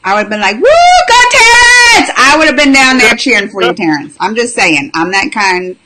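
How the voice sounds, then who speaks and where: A woman's voice: medium pitch, fairly quick, very noisy. A woman hosting a casual chat about a TV show, playful and teasing, often laughing. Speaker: host.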